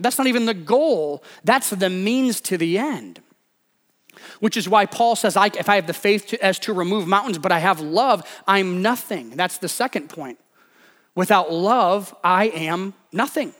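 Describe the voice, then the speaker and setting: A man's voice: sits high, fairly bright tone, in a large hall. A man preaching a sermon in a conversational way, often slipping into short acted-out quotes. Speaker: pastor.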